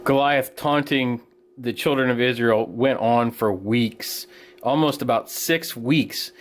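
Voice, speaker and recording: A man in a middle pitch range leads a children's Bible lesson, retelling the story in an animated, casual way. His delivery is plain-spoken and friendly to young listeners, with lively storytelling turns. It sounds like a teacher speaking straight to a class of kids. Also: slow pace, slight background noise.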